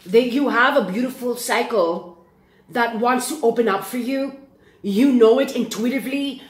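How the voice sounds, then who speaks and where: A woman giving a casual tarot reading to camera. She is excitable and keeps checking in with "okay?". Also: on the high side, normal speed, echoey room. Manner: excitable, repeats "okay?" often. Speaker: tarot reader.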